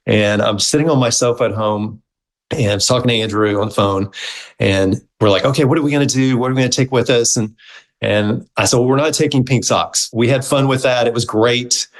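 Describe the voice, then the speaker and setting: A middle-aged man, a guest on an interview show, telling his story in a casual, animated way and acting out the quoted dialogue. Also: medium pitch, brisk, rough recording. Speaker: guest, movement founder.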